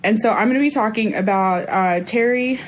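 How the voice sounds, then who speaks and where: A woman's voice: a little high, brisk. A young adult woman co-hosting a podcast in casual chat, bantering and swearing freely. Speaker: podcast co-host. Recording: faint background noise.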